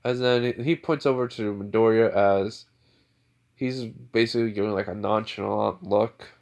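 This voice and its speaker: A man's voice: fairly low pitch, fairly even intonation, normal speed, gravelly, a little mellow. A man casually narrating an improvised fan story, rambling with lots of fillers. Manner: rambling, filler-heavy retelling.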